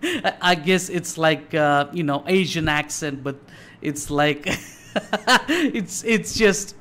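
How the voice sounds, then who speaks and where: A man's voice: a little high, animated, takes it slowly, fairly bright tone. A man reacting to a puppet comedy video as host, laughing often and swearing freely. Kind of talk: casual reaction commentary.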